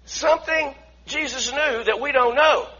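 A man preaching a sermon in an animated way, acting out the voices of the people in the story. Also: extremely high pitch, a little slow. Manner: animated, acts out voices from the story, asks the congregation to repeat. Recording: dull lo-fi recording.

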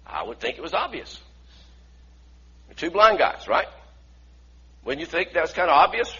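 A man preaching a sermon in an animated way, acting out the voices of the people in the story. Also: sits high, measured pace, pauses often, slightly rough. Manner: animated, acts out voices from the story, asks the congregation to repeat. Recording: dull lo-fi recording.

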